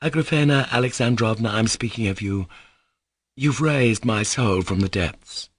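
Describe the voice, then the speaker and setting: A man reading an audiobook voices a gentle young novice monk who speaks in a firm, earnest way. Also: mid-range voice, moderate pace, no room sound, clean studio sound, lightly acted.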